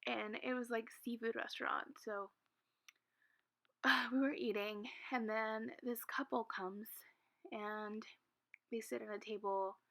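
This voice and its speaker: Giggly, chatty young woman, slightly high. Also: vocal fry, fairly bright tone. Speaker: Sims content creator. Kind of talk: casual storytime chat.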